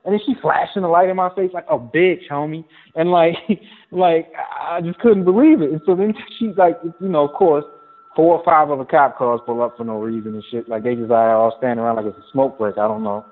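Profane animated man, phone-like audio. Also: a little high, a little fast. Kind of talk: casual chat.

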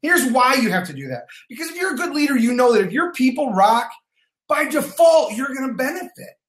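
A man who leads a sales team, giving an energetic motivational livestream talk from his phone. He repeats his points for emphasis, swears casually and greets viewers by name. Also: very high-pitched, brisk, reverberant.

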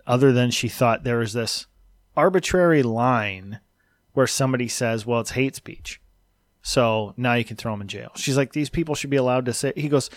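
A man with a mid-pitched voice talks through a debate in casual podcast chat. He is measured and analytical and quotes both sides in a level tone. The recording is dry and close. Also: dry recording. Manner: measured, analytical retelling, quoting dialogue in a flat tone. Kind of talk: casual chat recounting a video.

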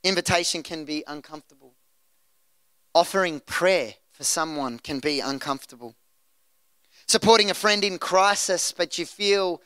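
A male pastor preaching a sermon in church, animated and acting out scenes. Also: a little high, moderate pace, clear, resonant tone, no echo. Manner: animated, acts out scenes in voices.

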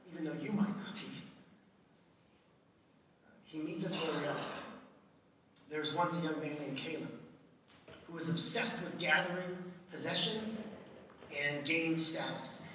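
A man's voice: on the high side, pushed and bright, a little hiss or hum. A man preaching a sermon as pastor, in a conversational way, sometimes putting on playful baby talk. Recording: echoey hall, far from mic.

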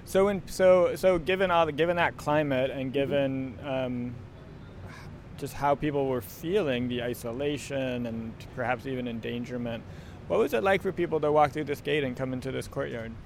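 A man's voice: medium pitch, steady tone, normal speed, vocal fry, a little hiss or hum. A man interviewing outdoors, asking questions hesitantly and restarting them.

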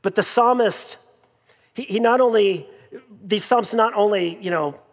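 Male pastor with a high voice, preaching conversationally with fillers and repeats, long hall reverb. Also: a little slow. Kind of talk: sermon.

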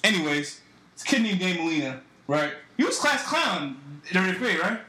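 A man's voice: high-pitched, big pitch swings, normal speed, bright, forceful tone, slight background noise. A young man co-hosting a casual podcast, teasing and swearing in loose banter, recorded in a roomy, echoey room. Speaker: podcast co-host. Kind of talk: casual chat.

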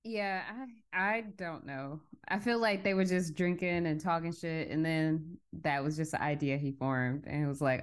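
Low-voiced woman in relaxed podcast chat. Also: normal speed, few pauses, smooth. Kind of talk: casual chat recapping a film.

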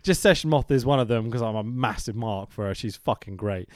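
A man's voice: mid-range voice, a little fast, no echo, clean studio sound. A man, co-hosting a casual wrestling review and reading from his notes. He swears often and laughs a lot. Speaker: podcast co-host.

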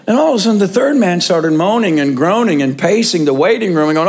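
A man's voice: high-pitched, lively intonation, darkish tone. An older man, a pastor preaching a sermon, telling jokes and chuckling as he goes. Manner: slow, jokey storytelling with chuckles.

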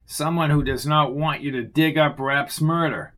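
A man doing a steady, cautious colleague. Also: fairly high pitch, normal speed, close to an everyday voice. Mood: calm reasoning.

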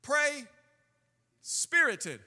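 A man preaches from the pulpit in a very bright, piercing voice, pressing out emphatic bursts between slow, drawn-out phrases. His words ring with the long reverb of a church sanctuary, and a band plays faintly behind him. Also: extremely high pitch, very animated. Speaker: pastor. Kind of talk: sermon.

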